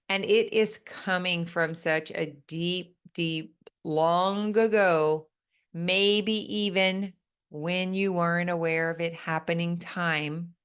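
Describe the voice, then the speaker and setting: A woman business coach speaking in a calm, soothing way, walking listeners through a guided relaxation exercise. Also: lowish voice, smooth.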